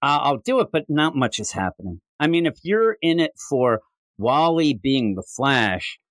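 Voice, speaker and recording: A man's voice: mid-range voice, very animated, unhurried, fairly bright tone. A man hosting a comic book podcast, chatting casually in a rambling, self-mocking way. His voice sits in a middle register. The sound is dry and close, with no room echo. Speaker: podcast co-host. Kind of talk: casual chat.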